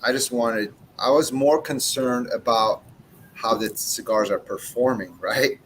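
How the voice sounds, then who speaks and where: A man in his forties talking in a loose, blunt, profane way, slipping into quick voices as he acts out his back-and-forth with customers. His voice sits at an ordinary middle pitch, and a faint low rumble hums under it on what sounds like a video call. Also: a bit bright, low-quality recording. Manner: blunt, swears freely, acts out dialogue with customers. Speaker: cigar brand owner, podcast guest. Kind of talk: casual chat.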